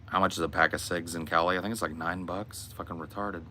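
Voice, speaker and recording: A man's voice: sits low, steady tone, quick pace, sharp tone, slight background noise. An American man hosting a casual Q and A, blunt and laid-back, swearing often. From United States. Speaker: podcast host. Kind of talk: casual Q and A with chat.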